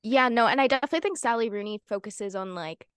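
A woman's voice: on the high side, fairly bright tone, clear, resonant tone, no room sound, studio quality. A young woman co-hosting a book club podcast, chatting casually and often chiming in to agree with the others. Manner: agreeable, quick to chime in with "yeah" and "mm-hmm". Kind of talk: casual chat.

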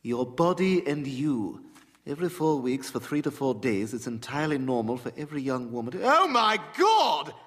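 A man's voice: mid-range voice, sing-song, moderate pace, fairly bright tone, in a large hall. An actor playing a snooty, theatrical baby boy who reads primly and then shrieks in disgust. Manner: prim, appalled, shrieking outbursts.

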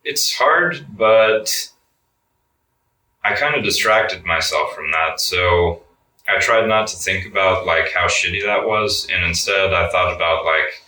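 A man's voice: low-pitched, unhurried, pushed and bright, distant mic. A young man telling a story in a laid-back interview, cursing a lot and saying "like" all the time. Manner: laid-back, swears a lot, says "like" often. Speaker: guest. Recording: roomy sound, mic set back.

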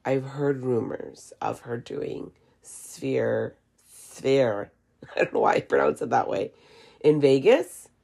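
A woman with a low, gravelly voice delivers a casual opinion monologue from home. She is blunt and unfiltered and swears freely. A cough catches her now and then. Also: a little mellow. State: has a cough. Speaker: vlogger.

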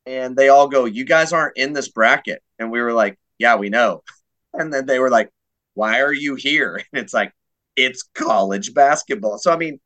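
A man co-hosting a casual sports podcast, relaxed and laughing along. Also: mid-range voice, moderate pace, low-quality recording. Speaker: podcast co-host.

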